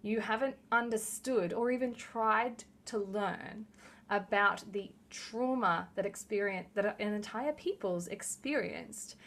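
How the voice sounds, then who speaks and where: A woman's voice: mid-range voice, measured pace, a bit bright. A young adult woman, co-hosting a casual podcast chat and talking earnestly, with lots of "like". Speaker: podcast co-host.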